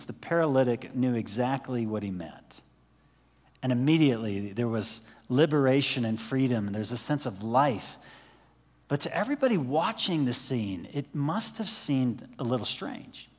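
A man's voice: medium pitch, big-room sound. A man preaching a sermon in a conversational way, asking the listeners questions and dropping to a near-whisper for emphasis. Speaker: pastor.

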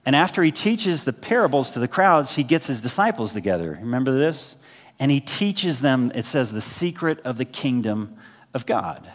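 A man preaches in a relaxed, conversational way, pausing to let points land. His voice sits at an ordinary middle pitch. A long hall reverb trails each phrase, as in a church. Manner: conversational preaching, emphatic pauses. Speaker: pastor. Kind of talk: sermon.

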